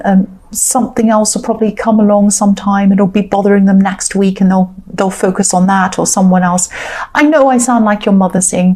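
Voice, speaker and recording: A woman talks through a tarot reading in a loose, chatty way, full of fillers and reassurance for her viewers. Her voice is mellow and warm, sitting at a middle pitch. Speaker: tarot reader. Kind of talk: casual tarot reading to camera.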